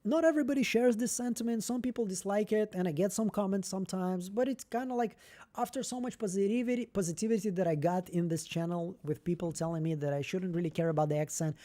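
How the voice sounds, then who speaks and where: A young man with a non-native English accent hosts a casual live stream, chatting candidly and rambling. His voice is high-pitched and dark in tone, and he talks quickly.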